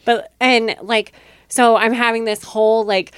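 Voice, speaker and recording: A woman's voice: mid-range voice, steady tone, measured pace, smooth, no echo, studio quality. A woman in her thirties hosting a podcast, telling a personal story in casual chat, rambling, full of "like" and frequent laughs. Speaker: podcast host.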